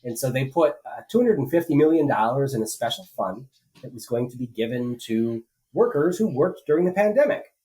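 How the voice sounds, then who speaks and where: A man's voice: mid-range voice, expressive, brisk, mellow, rough recording. A man co-hosting a political podcast, talking casually and rambling with many fillers and restarts. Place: rural home.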